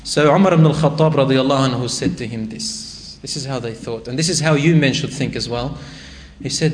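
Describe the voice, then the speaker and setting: A man's voice: medium pitch, fairly quick. A man giving a sermon and answering a question in a conversational way that rises to emphatic exhortation. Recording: echoey hall with faint ambience.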